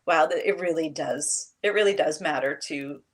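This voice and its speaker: A woman who teaches high school English, telling classroom stories in a casual, animated way and acting out what her students said. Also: moderate pace. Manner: animated storytelling, acts out students' quotes. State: emotional, near tears. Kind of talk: casual chat.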